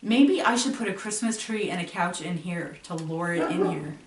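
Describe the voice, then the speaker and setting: A woman vlogger telling a spooky story to camera at home, animated, with dramatic pauses and laughs between lines. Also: on the low side. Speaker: paranormal vlogger. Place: room at home. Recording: roomy room, from a distance.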